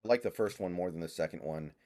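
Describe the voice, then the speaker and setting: Male streamer, low-pitched and unhurried, easygoing banter with a co-player, stumbles through fillers. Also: a little mellow. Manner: laid-back, halting with fillers. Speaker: streamer reading chat. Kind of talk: casual gaming chat.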